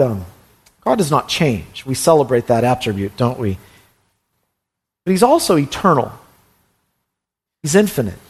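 A man preaching a sermon as pastor, impassioned, repeating his key phrases and stumbling into quick stammers. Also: a little high.

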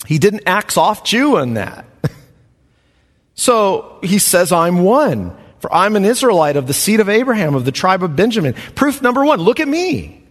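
A man preaching a Bible study sermon, emphatic and animated, chuckling between points. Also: fairly high pitch. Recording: long hall reverb.

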